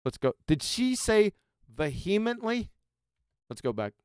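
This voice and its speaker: A man's voice: fairly high pitch, huge pitch swings, normal speed, clean tone, no room sound, clean studio sound. A man hosting a live stream, mocking a clip with profane, sarcastic commentary. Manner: ranting, insulting, sarcastic. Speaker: live stream host reacting to clips.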